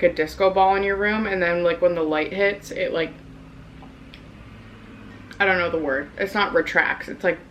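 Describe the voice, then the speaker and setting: A woman's voice: lowish voice, fairly bright tone, slight background noise, low-quality recording. Young woman chatting while eating. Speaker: vlogger. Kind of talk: casual mukbang chat. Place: apartment room in New York.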